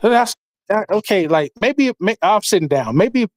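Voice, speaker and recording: A man telling a casual, animated story on a podcast, swearing and acting out quotes in a raised voice. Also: high-pitched, normal speed, dry recording, studio quality. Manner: profane, repetitive restarts. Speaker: podcast co-host. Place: home basement studio.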